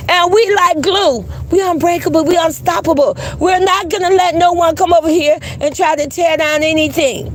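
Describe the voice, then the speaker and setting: A woman's voice: very high voice, steady tone, moderate pace, few pauses, slight background noise. A woman hosting a casual livestream, blunt and profane, greeting her chat. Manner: blunt, profane, laughing, reads chat aloud. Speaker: livestream host.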